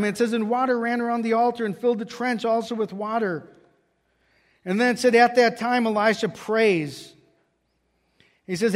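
High-voiced preacher in a reverberant hall. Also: male voice, fairly even intonation, normal speed, long pauses. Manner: storytelling, quoting scripture with raised voice. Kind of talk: sermon.

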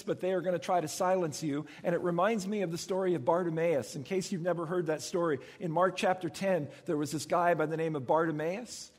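A male pastor delivers a sermon in a high, somewhat husky voice, bringing his stories to life by acting out the people in them. His voice carries a long reverb, as if it is filling a church sanctuary. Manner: animated storytelling, acts out voices.

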